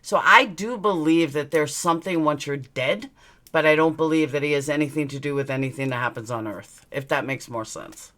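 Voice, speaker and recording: A woman with a low, forceful voice talks straight into her webcam on a casual live stream. She is blunt and candid, swears without a second thought, and lets her personal stories ramble on. The delivery has a sharp edge to it. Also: brisk. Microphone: webcam mic, looking into camera.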